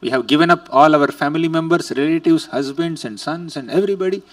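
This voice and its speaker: A man's voice: fairly high pitch, quick pace, far from the mic, natural voice. A man voicing young women devotees who plead and reproach their beloved Lord.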